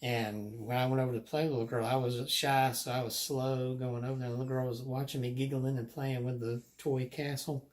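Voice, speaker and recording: A man's voice: medium pitch, flat delivery, a little fast, few pauses. A man, telling ghost stories from his childhood in a chatty, casual way, laughing often. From Alabama. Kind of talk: casual storytelling.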